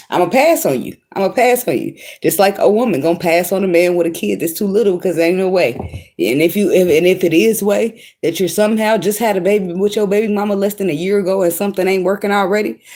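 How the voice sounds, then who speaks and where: A woman's voice: mid-range voice, warm tone. A woman tarot reader giving casual spiritual advice in a blunt, slangy, profane monologue, often breaking into laughter.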